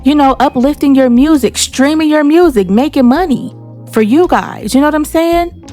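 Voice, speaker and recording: A woman from the United States hosting a commentary video, telling a story in a lively, conversational way. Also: high-pitched, normal speed, soft background music. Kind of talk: casual commentary.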